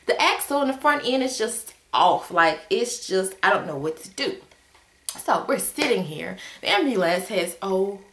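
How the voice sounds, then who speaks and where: Woman, storytime vlog, very lively pitch, exasperated retelling, echoey room. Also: moderate pace. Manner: animated, exasperated retelling with sudden pitch jumps. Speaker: vlogger telling a story.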